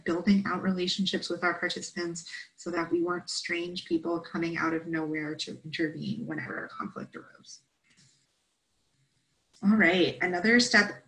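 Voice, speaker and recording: A woman's voice: fairly low pitch, vocal fry, fairly bright tone, rough recording. A woman presenting a training session, explaining steps in an instructive way and checking in with "right?" often.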